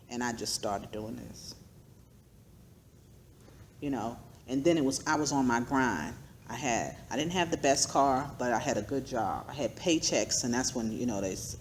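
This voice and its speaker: A middle-aged woman giving an earnest personal testimony to a women's group, preacherly and quick to laugh. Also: low-pitched, a little hiss or hum. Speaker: guest speaker.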